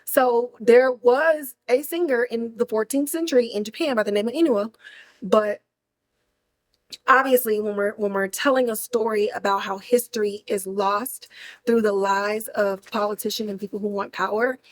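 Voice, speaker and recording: Slangy, animated woman recapping a film. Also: a little high, normal speed, poor audio. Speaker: podcast host reviewing a film. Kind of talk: casual chat.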